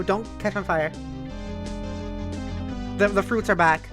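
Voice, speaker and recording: A woman's voice: fairly low pitch, normal speed, pauses often, over music. A woman giving playful, giggly commentary while she plays a video game, with lots of sound effects. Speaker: let's play streamer. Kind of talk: casual gameplay commentary.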